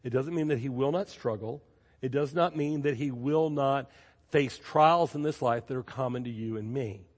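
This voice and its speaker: A man preaching a sermon as pastor, telling stories in a lively way and repeating phrases for emphasis. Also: medium pitch, normal speed. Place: church sanctuary. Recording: long reverb of a large church.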